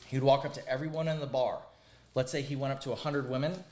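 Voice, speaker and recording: Crude, animated man telling stories. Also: mid-range voice, quick pace, reverberant. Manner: crude, animated, emphatic storyteller. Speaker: podcast host. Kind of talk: casual storytelling chat.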